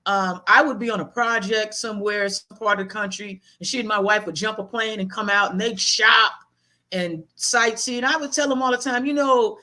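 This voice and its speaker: A middle-aged woman telling personal stories as a guest author in an interview, animated and laughing often. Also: mid-range voice, moderate pace.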